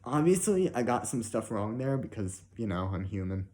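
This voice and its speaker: Rambling young man with a dark voice. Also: fairly low pitch, very animated, normal speed. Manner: rambling, emotional, swears often, fillers like "right?". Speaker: reviewer. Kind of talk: casual spoken review.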